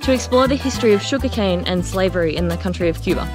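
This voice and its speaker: A woman's voice: on the low side, lively intonation, quick pace, music in the background, rough recording. A young woman chatting casually to camera as a travel vlogger, giggly and self-mocking. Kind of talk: casual vlog chat to camera.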